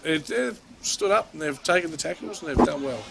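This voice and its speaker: A man's voice: a little high, a little fast, vocal fry, over loud music. Chatty Australian man calling a local footy match. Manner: chatty, jokey, excitable on goals. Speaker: play-by-play commentator. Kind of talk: amateur sports commentary.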